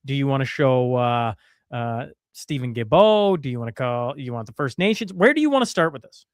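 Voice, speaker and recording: A man's voice: medium pitch, very animated, fairly quick, no echo, studio quality. A man co-hosting a podcast, reading headlines in a chatty way and calling his listeners folks. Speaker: podcast co-host. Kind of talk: casual news commentary.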